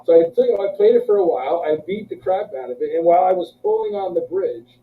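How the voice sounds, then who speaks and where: A man, an interview guest, telling a story in a casual, animated, profane way and acting out what people said. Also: fast. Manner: animated, profane, acts out quotes in a higher voice. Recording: tinny distant lo-fi recording with faint noise.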